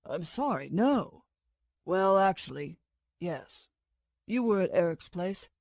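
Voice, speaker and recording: A woman's voice: fairly low pitch, expressive, slow pace, a little mellow, no echo, clean studio sound. A woman reading the lines of a worried man who speaks in a tense, urgent way. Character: man, restless, worried husband.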